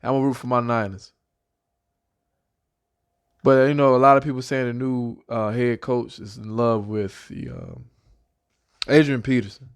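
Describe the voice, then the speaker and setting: Chatty and loose, this young football fan makes excited predictions in a casual vlog, going over stats and repeating himself. At a typical male middle pitch, his clear, resonant voice moves at a moderate pace, with creakiness and frequent pauses.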